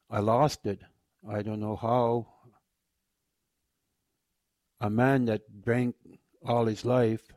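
Low, flat-voiced man sharing his testimony. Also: no room sound. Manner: halting and repetitive, often trailing off quietly. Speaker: former inmate sharing his faith testimony. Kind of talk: personal testimony.

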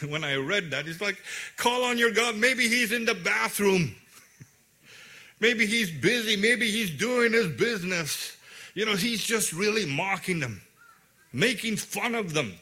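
A male preacher with a high, bright voice. He retells a scripture story in loose, conversational words, full of fillers and restarts. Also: measured pace. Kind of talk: sermon.

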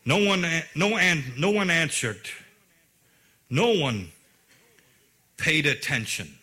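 A male preacher with a high, bright voice. He retells a scripture story in loose, conversational words, full of fillers and restarts. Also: very animated, takes it slowly. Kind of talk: sermon.

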